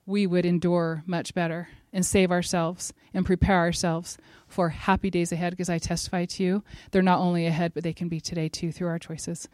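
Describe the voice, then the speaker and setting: A middle-aged woman giving a devotional talk at a church gathering, earnest and emphatic, building to forceful exhortation. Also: on the low side, flat delivery, normal speed, hardly any pauses, no room sound.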